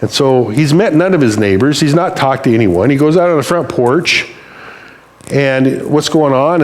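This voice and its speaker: A man's voice: mid-range voice, normal speed. A male pastor giving a conversational, humorous sermon and acting out little quotes.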